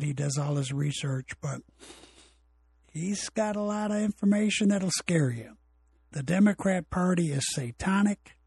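A man hosts his own podcast alone, rambling from one point to the next in a blunt, opinionated way. His voice sits a little high and sounds husky. The recording is dry, with no room sound. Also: darkish tone, no room sound. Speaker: podcast host. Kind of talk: casual solo podcast monologue. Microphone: home recording equipment.

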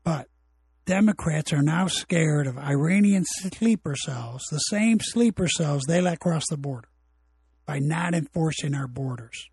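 Husky-voiced opinionated man, rambling podcast. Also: a little high, expressive, unhurried, darkish tone, no echo. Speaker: podcast host. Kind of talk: casual solo podcast monologue. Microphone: home recording equipment.

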